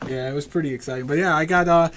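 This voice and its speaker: A man's voice: fairly high pitch, rapid-fire, fairly bright tone, a little hiss or hum. A young man co-hosting a casual live-streamed podcast, talking in a rambling, profane way and laughing often. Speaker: podcast co-host.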